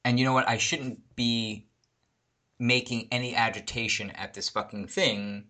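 A man casually telling a long, profane story, animated and acting out the people in it. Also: mid-range voice, normal speed. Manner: animated, swears a lot, acts out quoted people.

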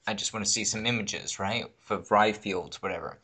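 A married man talking casually and profanely, rambling through his points with animated asides. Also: on the low side, moderate pace, hardly any pauses, breathy edge. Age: adult, married. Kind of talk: casual conversation.

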